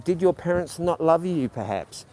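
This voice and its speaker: A somewhat high, animated male voice with a darkish tone and normal speed belongs to a walking livestream host. Stuttering and rambling with many ums, he trades sarcastic comebacks with his chat outdoors on city streets, faint street noise in the background.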